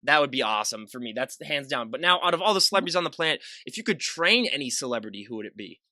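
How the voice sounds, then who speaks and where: Guy hosting a podcast, talks super fast, bright punchy voice, easy laughs. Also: medium pitch, animated, dry recording, clean studio sound. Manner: upbeat, rambling, laughs easily. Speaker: podcast host. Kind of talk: casual interview chat.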